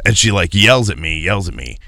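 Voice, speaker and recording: Guy riffing a swear-heavy story on a podcast, pitch jumps all over, dry close mic. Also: fairly quick, vocal fry, dry recording. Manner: profane, animated, acts out quotes. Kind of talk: casual comedic storytelling.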